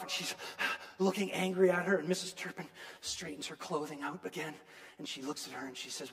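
A man preaching a sermon, retelling a story in an animated, emphatic storytelling manner. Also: a little high, brisk, long reverb tail.

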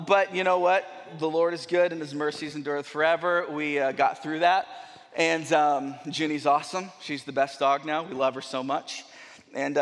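A young man preaching, telling a rambling, animated story with many restarts. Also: a little high. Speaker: pastor. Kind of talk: sermon storytelling. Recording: long hall reverb.

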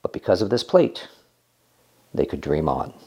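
A man narrating a scripted story in a reflective, gently wry manner. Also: extremely low pitch, very animated, normal speed, husky.

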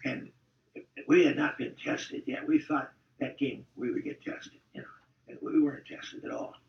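A man's voice: medium pitch, fairly even intonation, moderate pace. An older man, a former football player, telling rambling, salty stories in a casual interview. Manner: rambling, salty, chuckling storyteller. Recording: distant, roomy, dull-sounding recording.

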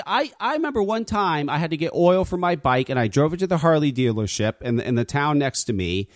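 A man hosts a talk radio show, ranting casually with lots of swearing and stammered restarts. His voice sits on the high side and is sing-song, moving fairly quickly with few pauses. The recording is dry, with clean studio sound.

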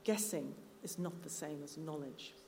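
A woman's voice: deep voice, steady tone, moderate pace, vocal fry, darkish tone, a little hiss or hum. A woman voicing a formal, cold ten-year-old foreign boy at a live reading. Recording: live reading in a reverberant hall.

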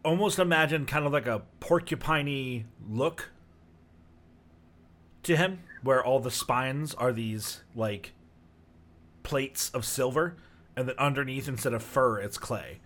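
A man's voice: medium pitch, a little slow, pauses often. Rambling male game master. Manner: relaxed, rambling descriptions with fillers. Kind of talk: narrating a tabletop game.

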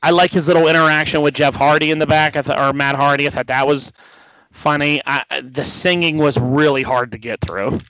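A man's voice: a little high, steady tone, fairly quick, a bit bright, no echo. A man co-hosting a casual wrestling podcast, rambling and hesitant with many restarts, a bit tired. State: yawning, tired. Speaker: podcast co-host. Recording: dull dry podcast audio.

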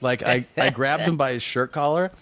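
A man guesting on a podcast, recounting a sports moment in animated, detailed casual chat. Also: mid-range voice, moderate pace, over a noisy crowd. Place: home man cave.

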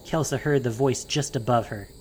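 A narrator reading a fantasy audiobook in a steady, dramatic storytelling manner. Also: mid-range voice, moderate pace, slight background noise.

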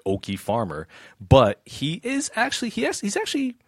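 A man reviewing a film in casual chat, halting and repeating words, with frequent laughs. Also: high-pitched, huge pitch swings, breathy edge, no echo, studio quality.

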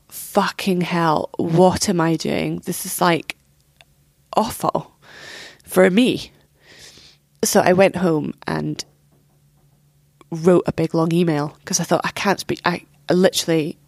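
A woman's voice: on the low side, fairly even intonation, unhurried, no echo. A young woman telling a painful personal story as an interview guest, candid and swearing, acting out what others said.

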